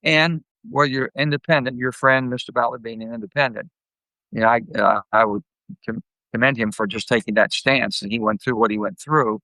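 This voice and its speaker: An older man, a guest telling blunt, folksy stories and acting out his anecdotes with lively jumps in pitch. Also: a little fast, no room sound, rough recording. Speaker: guest, former senator. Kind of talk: candid storytelling interview.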